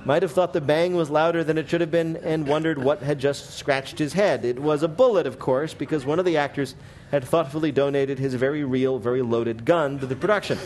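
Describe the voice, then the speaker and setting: A man hosting a comic news quiz, reading questions with a brisk, wry deadpan delivery. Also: a little high, slight background noise. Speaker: quiz show host.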